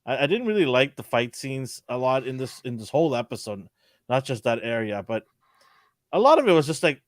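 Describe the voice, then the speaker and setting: A man's voice: mid-range voice, sing-song, fairly quick, dry recording, studio quality. A man hosting a casual pop culture show who laughs often and reads out comments from viewers. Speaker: podcast host. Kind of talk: casual chat.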